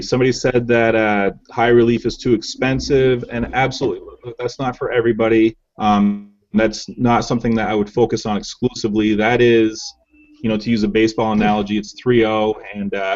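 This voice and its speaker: A man hosting a casual online hangout, reading through viewer comments in a relaxed, chatty way with plenty of fillers. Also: lowish voice. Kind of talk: casual live hangout chat. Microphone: video call. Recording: dull lo-fi web call audio.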